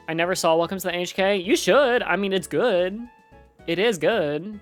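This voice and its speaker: A young woman chats on a live stream in a slightly low voice, rambling in a loose, slangy way. She leans on filler words and casual asides to her audience. Faint music plays under her talk. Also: moderate pace.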